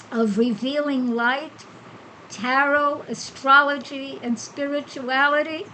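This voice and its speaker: A woman's voice: high voice, fairly even intonation, unhurried, sharp tone, a little hiss or hum, poor audio. A woman hosting a spiritual podcast, talking casually and asking herself questions before answering them. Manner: chatty, rhetorical questions and answers. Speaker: podcast host. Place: Costa Rica.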